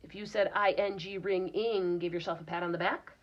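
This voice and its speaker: A woman's voice: on the low side, fairly even intonation, fairly quick. A woman teacher reading a picture book aloud to young children, patiently explaining words and sounding them out. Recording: dull lo-fi recording.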